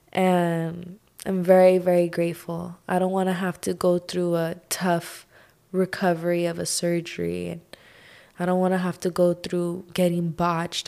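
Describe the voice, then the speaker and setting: A young woman hosting her own podcast, talking through a personal struggle in a slow, heartfelt monologue full of sighs and "like". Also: fairly low pitch, gravelly, darkish tone. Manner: slow, sighing, heartfelt, says "like" often. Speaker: podcast host.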